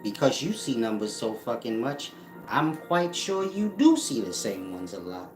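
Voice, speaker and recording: A man's voice: medium pitch, sing-song, a little slow. A man, hosting a casual livestream, answering chat in a blunt, mocking, profane way. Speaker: livestream host reading chat. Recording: roomy with loud music behind.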